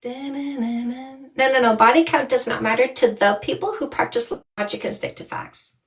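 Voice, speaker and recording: A woman with a high, bright-pitched voice talks straight to her live-stream audience, blunt and animated, calling them "my loves." She sounds set back from the microphone. She is a middle-aged dating coach from Canada. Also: a little slow, distant mic. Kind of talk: casual live-stream chat.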